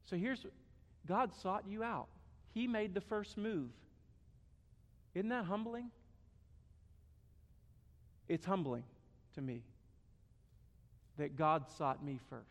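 A man's voice: high voice, lively intonation, slow, pauses often. A man preaching a sermon, emphatic and repeating key phrases. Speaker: pastor. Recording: echoey hall.

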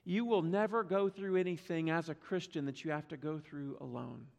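A man with a notably high voice preaches to his congregation, loose and conversational, dropping teasing asides between points. His words ring out with a long reverb from the church sanctuary. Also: moderate pace, vocal fry, a little mellow, muffled recording. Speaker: pastor. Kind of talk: sermon.

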